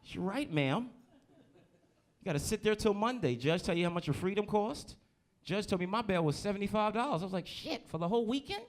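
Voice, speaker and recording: A man's voice: high-pitched, animated, brisk. A man from New Jersey doing a stand-up comedy set on a club stage, talking loosely and teasing the audience. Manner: loose, conversational, teases the crowd.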